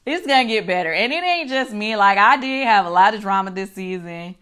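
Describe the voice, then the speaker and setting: A middle-aged woman hosting a casual recap chat, animated and swearing, acting out her own reactions. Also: mid-range voice, fairly quick, clear, resonant tone. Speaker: show host.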